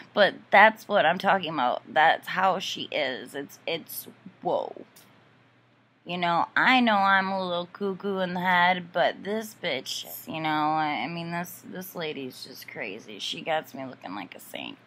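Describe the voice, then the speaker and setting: A woman's voice: on the low side, lively intonation, a little slow, a bit bright. A woman vlogger ranting casually about a neighbor, profane, exasperated and rambling with many fillers.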